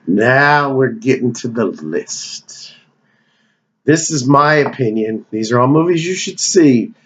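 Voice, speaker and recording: A man talks through his favorite movies in a loose, rambling vlog, swearing and joking as he wanders off topic. His voice sits in an ordinary middle pitch. The home recording sounds a little dull and muffled. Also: unhurried, fairly bright tone. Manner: digressive, profane, joking. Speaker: movie review vlogger. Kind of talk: casual rambling movie rundown.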